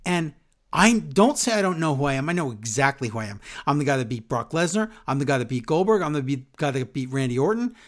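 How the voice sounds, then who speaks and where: A man's voice: a little high, sing-song, fast talker. A man voicing a fiery male wrestler who rattles off the big names he has beaten. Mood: boastful. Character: proud, fiery male wrestler boasting of his wins.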